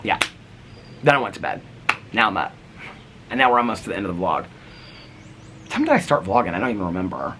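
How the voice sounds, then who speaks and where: Animated, rambling man vlogging. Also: lowish voice, fast, long pauses, a little hiss or hum. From United States. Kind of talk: casual daily vlog chat.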